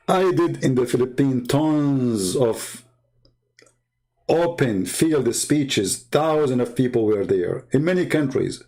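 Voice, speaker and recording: A man's voice: medium pitch, animated, takes it slowly, dark tone. A man, a Christian debater, talking in an earnest, emphatic, casual monologue and often repeating himself.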